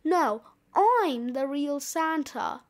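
A woman voicing a crowd of jolly, booming male Santa clones who shout and squabble. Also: animated, extremely slow, heavily acted. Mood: shouting, squabbling.

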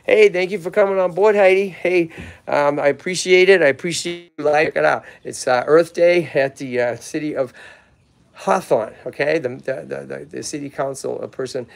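A man from Lowell with a Massachusetts accent, hosting a casual livestream outdoors and chatting eagerly with viewers and his animals. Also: moderate pace, gravelly. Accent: Boston-area Massachusetts. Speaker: tortoise sanctuary host. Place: outdoors at a tortoise yard. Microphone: handheld phone camera, filming himself.

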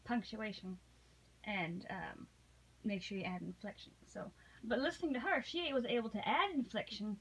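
A woman co-hosting a read-along podcast, chatting casually and telling stories in an animated way. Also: medium pitch, moderate pace, husky, low-quality recording. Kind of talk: casual chat.

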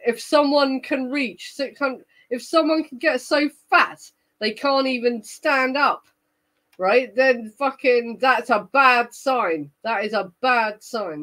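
A woman's voice: on the high side, no echo, rough recording. A woman hosting a casual livestream chat, tipsy and ranting with rambling, heavy swearing. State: tipsy from gin. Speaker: host of a true crime livestream.

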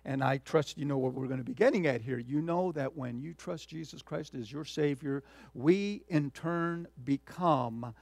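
A man delivers an expository sermon in a slightly high, gravelly voice. He stumbles over fillers and restarts, then drives key words home with sudden loud emphasis before sinking into quiet asides. The sound is close and dry. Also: no room sound. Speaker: pastor.

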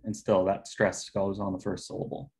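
Male presenter, lowish voice, steady explanatory academic talk, slight fillers, video-call mic. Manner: measured, explanatory, occasional fillers. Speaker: conference presenter.

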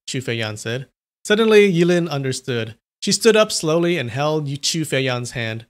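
A man's voice: a little high, very animated, normal speed. A man reading a novel aloud on a live stream, stopping to chat about viewers' comments. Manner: chatty, reacts to viewers' comments.

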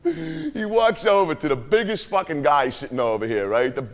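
In a live character monologue on a theater stage, a man's gravelly, sing-song voice on the high side moves at a moderate pace. He plays a swaggering, profane young streetwise guy, bragging through a rowdy party story and repeatedly asking "right?".

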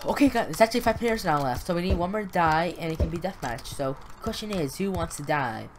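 A woman giving rambling, excitable commentary on her gameplay from a room at home, talking straight to viewers and clearing her hoarse, fading voice. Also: lowish voice, brisk. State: losing voice, clearing throat. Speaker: gaming video host. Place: home room, brother nearby. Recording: noisy home recording.

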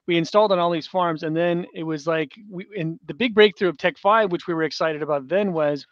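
A man with a fairly high voice explains things in conversation, pointing out items to the camera as he goes. The sound is dry and dull, with a lo-fi quality. He sounds like a co-presenter on an interview show. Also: a little fast, no echo. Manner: explains while showing objects on camera.

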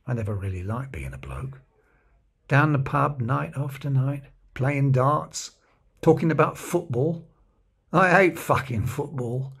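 A man's voice: medium pitch, animated, a little slow, vocal fry, breathy edge. A man telling a wry comic monologue in a conversational manner. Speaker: spoken-word performer.

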